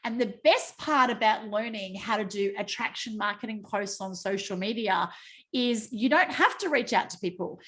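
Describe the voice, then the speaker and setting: A woman's voice: medium pitch, moderate pace, a bit bright. Bubbly, effusive woman hosting a video call. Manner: bubbly, effusive, laughs often. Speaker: host of team call. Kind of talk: casual video call presentation.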